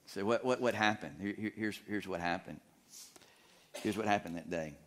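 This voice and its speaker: A man's voice: lowish voice, normal speed, fairly bright tone, slight background noise. A man preaching a sermon as pastor, repeating phrases and putting questions to the congregation. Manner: repetitive, emphatic, asks the congregation questions.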